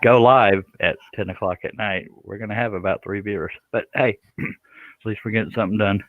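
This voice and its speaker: A low-pitched man chats casually while he hosts a live stream, trading folksy jokes with his panel. The sound is dull and dry, like a modest mic close up in a small space. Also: fairly even intonation, fairly quick, dry recording. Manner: joking, folksy banter. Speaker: live stream host, woodworker.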